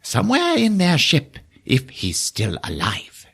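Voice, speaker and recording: A man voicing a solemn alien elder who speaks slowly and formally. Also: on the high side, huge pitch swings, gravelly, a bit bright, breathy edge, voice pushed up, full character voice. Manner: slow, deliberate, formal speech.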